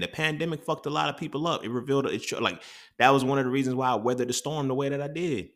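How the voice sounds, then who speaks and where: A man's voice: mid-range voice, fast, a bit bright. A man, blunt and profane, talking through a solo podcast monologue. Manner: blunt, profane, preachy and emphatic. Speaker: podcast host.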